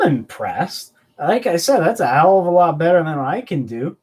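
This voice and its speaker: The host of a collectibles live stream has a fairly high, husky voice with a darkish tone and a sing-song lilt, at normal speed. In a casual, joking way, he rambles through answers to his viewers' chat.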